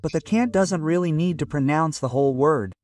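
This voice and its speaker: A little distant and backed by faint music, an English pronunciation teacher drills phrases one at a time, repeating them over and over. His voice is a little high with a darkish tone, and he speaks slightly fast.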